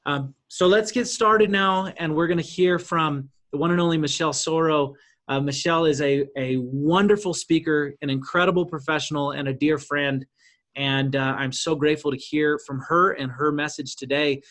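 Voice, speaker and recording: A man's voice: fairly high pitch, steady tone, moderate pace, a bit bright. A man hosting a live online speaker event over a video call, welcoming the attendees and becoming emotional during a tribute. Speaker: host.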